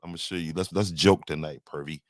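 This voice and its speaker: A man's voice: low voice, fairly even intonation, a little fast, no room sound, clean studio sound. A man hosting a podcast in casual commentary, taunting and mocking a viewer with repeated jabs. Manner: taunting, trash-talking a viewer. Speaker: podcast host.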